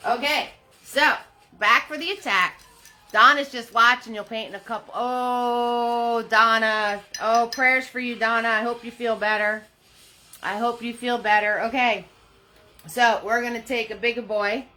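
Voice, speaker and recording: A woman's voice: on the high side, fairly even intonation, measured pace, sharp tone. A woman hosting a live-streamed painting class, chatty and upbeat as she greets viewers by name, talking into a phone in a holder. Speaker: paint party host.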